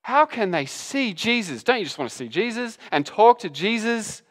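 Guy preaching a sermon in a church hall, higher voice, animated, acts out the lines in quick little voices.

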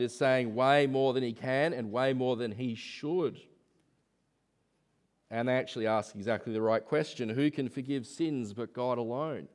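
A man's voice: medium pitch, a little mellow. A man preaching a sermon in church, talking conversationally and asking rhetorical questions.

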